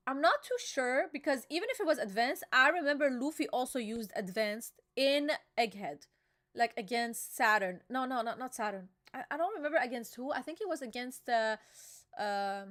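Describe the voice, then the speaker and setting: High-voiced excitable young woman chatting. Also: normal speed. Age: young adult. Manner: excitable and emotional, with gasps, fillers and slang. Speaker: channel host reacting to a manga chapter. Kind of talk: casual live reaction chat.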